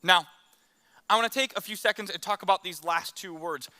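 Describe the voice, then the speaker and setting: Bright, lively-voiced male pastor preaching. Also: sits high, a little fast. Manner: conversational storytelling preaching; acts out quotes in the story. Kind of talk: sermon.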